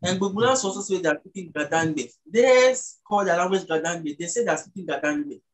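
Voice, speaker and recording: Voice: mid-range voice, rough recording. Patient language guest. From Ghana. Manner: teacherly, slows down to sound out words. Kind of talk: patient explanatory interview talk.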